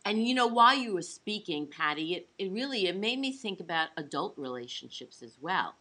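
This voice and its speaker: A woman hosting an interview, talking reflectively with halting restarts. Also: on the low side, big pitch swings, bright, forceful tone. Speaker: podcast host. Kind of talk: interview conversation.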